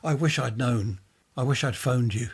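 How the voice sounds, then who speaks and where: A man's voice: mid-range voice, normal speed, breathy edge. A man reading a ghost story, voicing a flustered, worried mother who pleads and frets. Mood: anxious.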